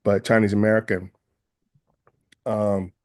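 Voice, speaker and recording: A man from the San Francisco Bay Area with a Bay Area accent, speaking as an interview guest in an earnest, measured way and often rephrasing his ideas. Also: on the low side, level tone, a little mellow. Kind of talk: reflective interview conversation.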